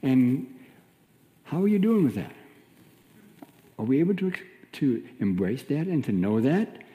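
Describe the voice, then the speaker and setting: A man giving a sermon as a minister, teaching in a gentle, reflective way with pauses. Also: medium pitch, big pitch swings, long reverb tail.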